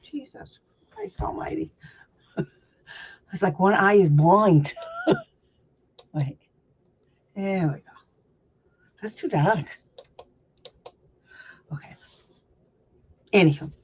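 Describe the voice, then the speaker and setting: A woman's voice: fairly low pitch, very slow, pauses often, darkish tone, breathy edge. A woman hosting a casual teaching chat as a special education advocate. She rambles, laughs a lot, and talks bluntly with some salty language. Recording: slightly dull lo-fi sound.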